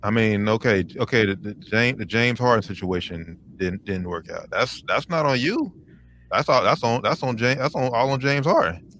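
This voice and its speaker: A man co-hosting a casual sports podcast, laid-back and halting, often repeating his words. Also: mid-range voice, animated, fairly bright tone, slight background noise. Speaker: podcast co-host.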